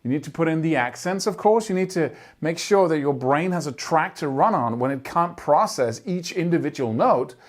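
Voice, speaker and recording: A man's voice: on the high side, expressive, normal speed, few pauses. A man teaching guitar, explaining picking technique earnestly and emphatically, often sounding out rhythms with syllables. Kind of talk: instructional talk to camera.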